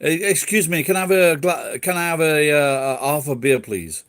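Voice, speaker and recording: A man's voice: fairly high pitch, moderate pace, a bit bright, lightly acted. A man voicing a timid, posh, balding middle-aged man in a suit who stammers politely. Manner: hesitant, stammering, overly polite.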